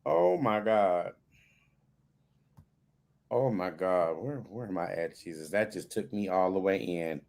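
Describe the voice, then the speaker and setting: A man co-hosting a casual talk show, excitable and quick to squeal or tear up. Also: vocal fry. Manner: excitable, bursts into high squeals and near tears. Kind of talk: casual chat.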